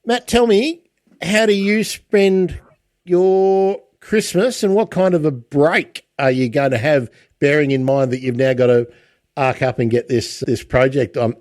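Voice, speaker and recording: A man's voice: on the high side, a little slow, darkish tone, dry recording. A man hosting an interview in a chatty way, often restarting his sentences. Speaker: podcast host. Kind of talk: casual interview chat.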